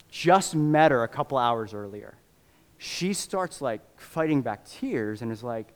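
A man preaching from the pulpit, his voice sitting at an ordinary middle pitch. He tells stories in a loose, animated way, full of "uh" and "like." The sound hangs in a long reverb, as in a big church hall. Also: unhurried. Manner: casual, animated storytelling with many fillers. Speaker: pastor. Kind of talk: sermon.

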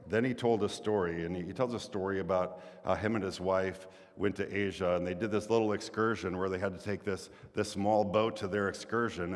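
A man preaching in a church sanctuary, his fairly low voice carrying a long reverb from the hall. He tells stories, lifting into lively quoted voices and then sinking soft and low for emphasis. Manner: storytelling, rising into animated quoted voices then dropping low and quiet. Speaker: pastor. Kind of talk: sermon.

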